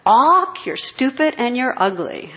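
A woman's voice: on the high side, sing-song, unhurried, highs cut off, voice pushed up. A woman voicing a squawking, insulting pet-shop parrot in a story she tells.

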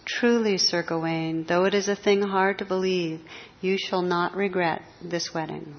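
Sad cursed lady from an old tale, read by a woman, pleading, lowish voice, bit muffled. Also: fairly even intonation, measured pace. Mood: sorrowful. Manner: pleading, sorrowful. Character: enchanted woman, cursed to look old and hideous. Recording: slightly dull lo-fi recording.

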